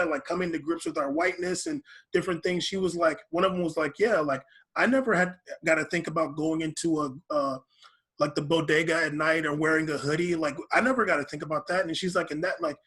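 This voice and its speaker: Husky-voiced man rambling on a podcast. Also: fairly high pitch, fairly quick, a bit bright. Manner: rambling, full of fillers and restarts. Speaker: podcast co-host. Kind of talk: casual podcast chat.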